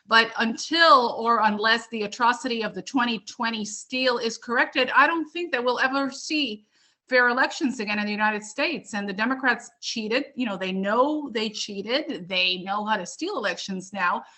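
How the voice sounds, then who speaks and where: A woman calling in with a question, speaking slowly and emphatically. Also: fairly high pitch, bright, forceful tone. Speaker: caller. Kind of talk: asking a question on a call-in.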